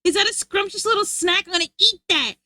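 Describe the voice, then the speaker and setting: A woman's voice: very high voice, quick pace, sharp tone, dry recording, clean studio sound, voice pushed up. A woman voicing a hungry mother scorpion who gleefully eyes her own babies as a snack.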